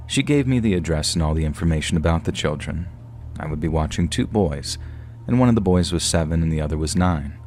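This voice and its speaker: Very deep-voiced male horror narrator. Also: darkish tone. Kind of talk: scripted first-person horror narration.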